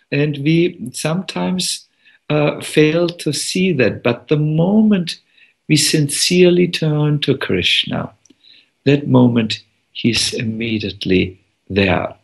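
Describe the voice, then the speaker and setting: Slow, gravelly-voiced male monk telling a story. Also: medium pitch. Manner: unhurried, gentle, with soft laughs and many pauses. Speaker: monk giving a message. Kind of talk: devotional talk and storytelling.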